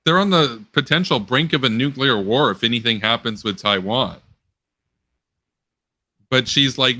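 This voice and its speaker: A man's voice: pushed and bright, no echo. Sarcastic young man hosting a rambling chat. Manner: rambling, sarcastic, quick pitch jumps. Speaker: political commentary host. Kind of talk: casual online post-show chat.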